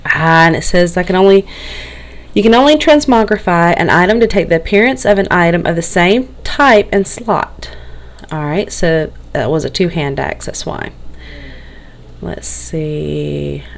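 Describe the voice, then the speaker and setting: A woman with a Southern drawl narrates a casual game walkthrough, her voice sitting a little low. She sounds tired and nervous, rambling and tripping over her words as she goes. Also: measured pace, creaky. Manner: rambling, tongue-tied, nervous. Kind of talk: casual screen-recorded walkthrough.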